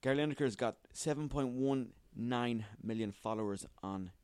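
Sweary, rambling podcast host. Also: male voice, mid-range voice, moderate pace, a little mellow, clear, resonant tone, no echo. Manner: sweary, rambling and self-mocking. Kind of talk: solo comedic podcast rant.

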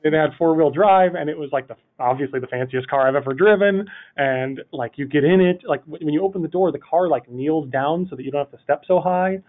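Male podcast guest, quick, slightly high voice, rambling anecdote delivery, tinny phone-line sound. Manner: animated rambling storytelling, full of "like". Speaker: podcast guest, city project manager. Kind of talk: telling a funny anecdote in a podcast interview.

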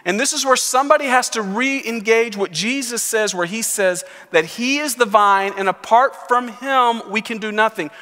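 A male pastor gives an animated sermon, leading call and response. His voice sits high and sounds bright and forceful. It echoes with the long reverb of a large sanctuary. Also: moderate pace, few pauses. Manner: animated preaching, leads congregation in call and response. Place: church sanctuary.

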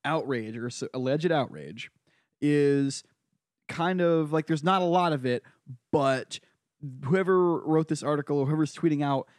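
A man hosting a casual podcast panel, talking in an animated way with quick asides and restarts. His voice sits fairly high. The sound is dry and close, with no room around it. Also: no room sound. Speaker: podcast host.

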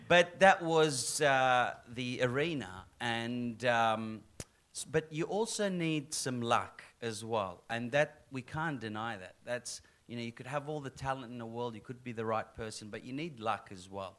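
In a casual interview chat, a middle-aged actor tells stories with plenty of animation, acting out quoted lines and laughing often. His voice is mid-range and his pace moderate.

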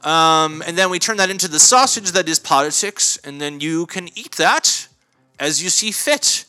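A man hosting a comedy podcast, delivering a deadpan, mock-pompous monologue that rambles with many fillers and self-corrections. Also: on the high side, moderate pace, faint music behind. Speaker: podcast host.

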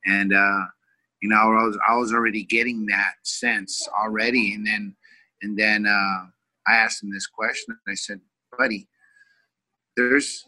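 Bright-voiced man telling a heartfelt story. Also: fairly low pitch, little pitch movement, a little slow, no echo, poor audio. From Northern California. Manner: emotional, rambling with many fillers and restarts. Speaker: wrestling coach, guest. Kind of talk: candid storytelling interview.

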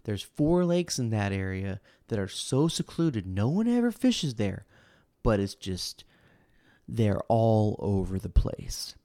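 A man doing a slow secretive old man. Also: fairly low pitch, big pitch swings, dark tone, no room sound, clean studio sound, full character voice. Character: secretive old man giving fishing tips.

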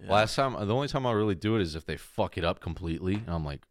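A man co-hosting a podcast in casual chat, telling stories with lively mocking impressions of other people. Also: fast talker, dry recording, clean studio sound. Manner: animated storytelling with mocking high-pitched impressions. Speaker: podcast co-host.

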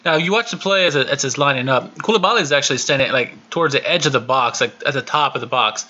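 A man talking football on a podcast, animated and quick, with frequent "uh" restarts. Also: mid-range voice, highs cut off. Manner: rapid, animated, lots of "uh" restarts. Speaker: podcast co-host. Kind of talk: casual football podcast chat.

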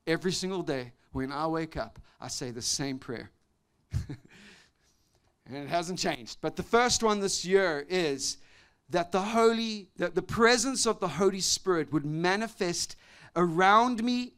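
Animated, higher-voiced male preacher. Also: unhurried, smooth. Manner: animated, swinging from loud exclamations to soft confiding tones; laughs often between phrases. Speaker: pastor. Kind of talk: sermon.

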